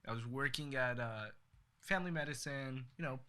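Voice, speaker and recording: A man's voice: medium pitch, normal speed, crowd noise. A young man on a podcast who reacts to his co-host and eagerly jumps in to start his own story. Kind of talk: casual chat.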